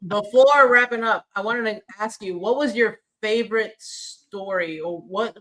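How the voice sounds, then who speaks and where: A man's voice: high-pitched, measured pace, pushed and bright, poor audio. A man hosting a paranormal podcast, asking questions in a casual, eager way that stumbles over itself. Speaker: podcast host. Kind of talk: casual interview chat.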